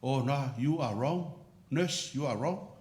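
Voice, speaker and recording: A man voicing a lonely old patient in a hospital, talking slowly with gentle insistence. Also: medium pitch, close to an everyday voice. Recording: roomy church reverb.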